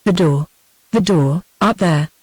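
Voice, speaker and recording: A synthetic woman's voice reading the lines of a panicking, ruthless male tycoon in a flat, even way. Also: fairly low pitch, slow, husky, no echo. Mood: panicked.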